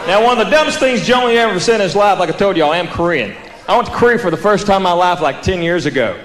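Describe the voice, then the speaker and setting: A man with a Southern US accent doing stand-up comedy on a club stage, telling stories in a deadpan drawl and acting out the quotes. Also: high-pitched, rapid-fire. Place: comedy club stage before a live audience. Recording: roomy live venue with audience laughter.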